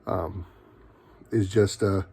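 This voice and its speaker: A man's voice: deep voice, steady tone, takes it slowly, vocal fry, mellow, slightly rough. A man giving a casual, rambling recap of a TV episode, full of fillers and quoted lines. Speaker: TV show reviewer.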